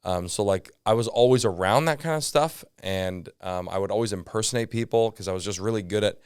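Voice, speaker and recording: A man's voice: lowish voice, brisk, clear, resonant tone, dry recording, clean studio sound. A Canadian man, a comedian and podcast guest, telling stories in a casual chat full of asides and fillers. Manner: animated storyteller, lots of fillers and asides.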